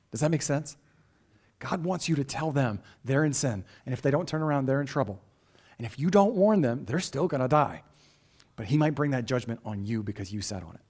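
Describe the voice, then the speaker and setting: A man's voice: medium pitch, darkish tone. A pastor delivering a sermon in an earnest, emphatic way, often asking his listeners rhetorical questions.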